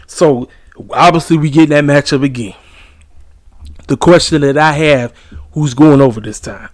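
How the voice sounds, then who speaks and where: Man, blunt emphatic rant, casual review, slightly raised pitch, dry close sound. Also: no echo. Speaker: wrestling show reviewer.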